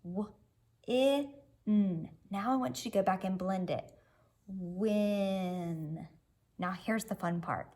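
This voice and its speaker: A woman's voice: medium pitch, slow pace, a little mellow. A woman teacher leading a children's reading lesson, cheerfully prompting young learners to sound out and blend words.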